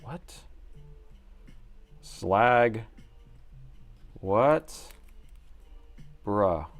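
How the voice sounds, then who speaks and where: Low-voiced man muttering over a repair. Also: lively intonation, extremely slow, soft background music. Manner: muttering to himself, then chatty to viewers. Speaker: livestream repair host. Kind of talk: casual live commentary while repairing.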